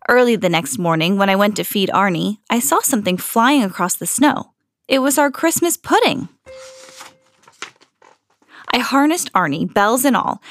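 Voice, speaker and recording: A woman reading a children's storybook aloud in an expressive, storytelling manner. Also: mid-range voice, no room sound, studio quality. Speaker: podcast host reading to children.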